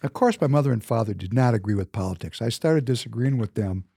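A husky, dark-toned man in his fifties, from Minnesota, talks through his own memories in a loose, casual monologue. He leans hard on his points and repeats key words to drive them home. The recording is dry and close, with no room sound. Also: mid-range voice, expressive, fast talker, no echo. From Minnesota, United States. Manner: emphatic, repeats words for emphasis. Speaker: businessman.

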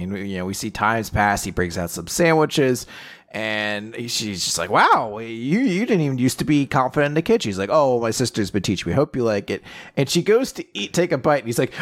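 A man co-hosting a podcast, casually recapping a manga chapter and quoting the characters in quick put-on voices. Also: mid-range voice, big pitch swings, a bit bright. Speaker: podcast co-host.

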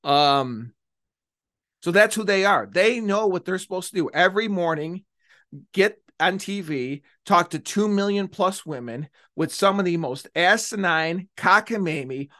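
A man's voice: high voice, animated, unhurried, fairly bright tone. A man delivering a combative, sarcastic political monologue as a commentator, stretching out words for emphasis. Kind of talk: opinionated monologue.

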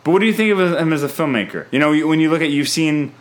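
Chatty man thinking out loud. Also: on the high side, expressive, very fast. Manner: chatty, thinks aloud with restarts. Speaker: podcast host, film reviewer. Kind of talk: casual film review chat.

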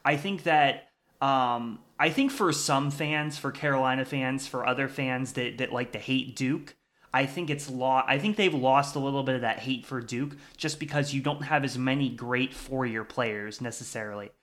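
A man's voice: mid-range voice, moderate pace, a bit bright. A man co-hosting a casual sports talk show, chatty with frequent restarts. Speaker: sports podcast co-host.

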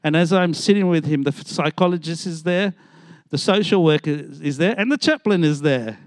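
A man's voice: a little high, fairly quick, dry recording, clean studio sound. A middle-aged man, preaching a storytelling sermon and acting out the voices of the people in his stories. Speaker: pastor.

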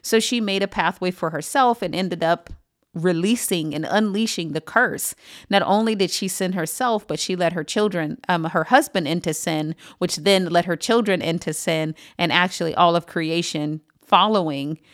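A woman pastor giving an earnest, emphatic Bible teaching on a podcast, pausing often with "um". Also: lowish voice. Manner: earnest, emphatic, with frequent "um" pauses.

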